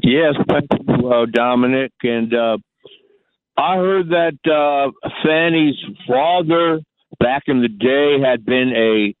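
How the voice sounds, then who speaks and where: A man's voice: medium pitch, takes it slowly, clean tone, no room sound. A man calling in to a radio show, hesitant and full of fillers, backing down politely. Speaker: caller. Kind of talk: phone-in call. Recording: tinny phone line.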